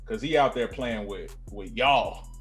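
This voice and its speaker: A man's voice: mid-range voice, a little slow, fairly bright tone, soft background music. A laid-back man co-hosting a sports podcast, talking loosely with many "you know"s. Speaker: podcast co-host. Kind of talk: casual sports chat.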